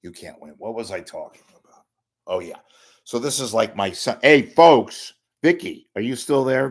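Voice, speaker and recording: A man's voice: medium pitch, expressive, normal speed. An older man hosting a casual livestream monologue, rambling, losing his thread and cracking bawdy jokes. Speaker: host.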